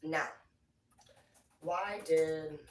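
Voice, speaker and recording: A livestreamer ranting in a rambling, profane, excitable way. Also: mid-range voice, very slow. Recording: roomy echo, distant from the mic, faint noise.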